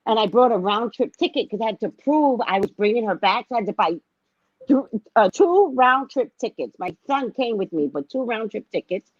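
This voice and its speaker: Woman, teacher, casual storytelling, very animated pitch, emphatic repeats, dull lo-fi recording. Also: moderate pace, no room sound. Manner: animated, acts out quoted voices, repeats phrases for emphasis. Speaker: special education teacher. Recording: dull lo-fi dry sound.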